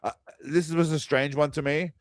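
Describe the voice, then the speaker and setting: A man's voice: a little high, steady tone, moderate pace, background noise. Sarcastic man riffing on a movie. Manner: crude, mocking, quiz-style asides. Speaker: host.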